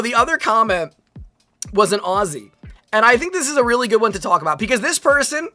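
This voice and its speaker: A woman's voice: medium pitch, sharp tone. An American woman streaming, chatting casually and animatedly with many laughs and rambling asides. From United States. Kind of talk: casual livestream chat.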